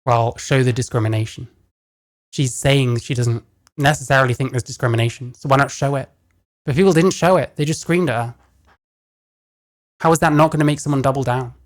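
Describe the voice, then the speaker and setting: A woman's voice: very deep voice, fairly even intonation, a little fast, pauses often. A woman reacting to a video, blunt and sarcastic, often swearing. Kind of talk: casual reaction commentary.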